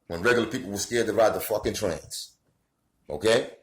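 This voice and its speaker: A man's voice: fairly low pitch, brisk, echoey room, poor audio. A man from the Bronx with a New York accent, delivering a profane, heated rant to camera. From New York City, the Bronx. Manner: swearing, heated, rising to shouts. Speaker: commentator.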